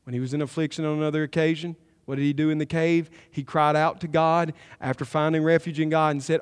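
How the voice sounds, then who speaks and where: A man's voice: fairly high pitch, flat delivery, fast, few pauses, clear, resonant tone. Emphatic male preacher in a reverberant hall. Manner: emphatic preaching, builds to loud climaxes. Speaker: pastor. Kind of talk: sermon. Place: church sanctuary.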